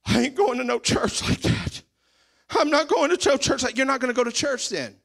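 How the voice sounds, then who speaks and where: A man preaching a sermon as pastor, swinging between quiet asides and shouted, sing-song declarations, sometimes mimicking his congregation. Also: very high-pitched, normal speed, creaky. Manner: mimics congregation members for effect.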